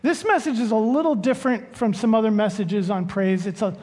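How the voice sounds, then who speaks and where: A man preaching a sermon as pastor, telling a joke in a relaxed, unhurried way before the scripture reading. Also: sits high. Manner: unhurried, joking storyteller. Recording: long church reverb.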